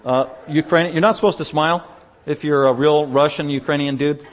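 A male pastor chatting through a slideshow report during a church service, telling stories in an animated way and laughing often. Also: on the high side, a little fast. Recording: long reverb of a large hall.

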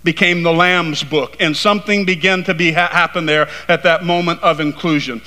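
A man preaching in a church sanctuary, his voice bright and fairly high. He swings between hushed, intimate passages and rising, emphatic declarations. Long reverb trails off each phrase in the hall. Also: fairly even intonation, normal speed, hardly any pauses. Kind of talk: sermon.

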